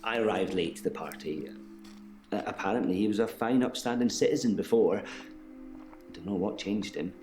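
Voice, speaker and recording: A detached patient who talks in an even, measured way, played by a man. His voice sits very low and deep. Faint game music plays behind him. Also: natural voice. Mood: flat, detached. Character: calm, detached British male patient who walks through doors. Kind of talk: full-motion video game dialogue.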